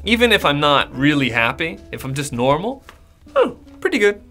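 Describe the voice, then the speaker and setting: An American man, an English teacher, gives a casual lesson straight to the camera and acts out sample replies in a friendly, animated way. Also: fairly high pitch, normal speed, soft background music. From United States.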